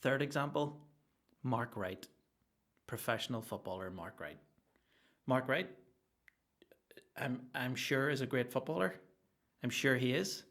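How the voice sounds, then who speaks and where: A young Northern Irish man hosts his own comedy podcast and rants on his own, swearing freely. His voice sits in a middle register, neither high nor low. He bounces from one topic to the next in a loose, animated way. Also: measured pace, long pauses. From Northern Ireland. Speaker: podcast host. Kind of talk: solo comedic podcast rant.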